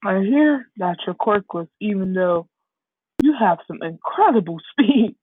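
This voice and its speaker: A woman's voice: mid-range voice, expressive, measured pace, breathy edge, dry recording. A woman voicing a confident adult male superhero mentor in a casual, offhand way, over a tinny phone-like line.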